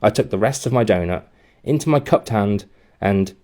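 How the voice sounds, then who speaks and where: A man, a teacher reading a children's book aloud in a lively way. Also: on the low side, normal speed. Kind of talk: storybook narration.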